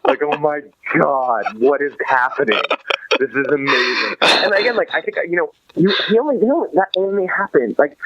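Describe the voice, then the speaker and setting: A man in his thirties, a podcast guest in casual interview chat, rambling with many fillers and restarts and swinging between excited and somber. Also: fairly high pitch, normal speed. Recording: dull lo-fi dry recording.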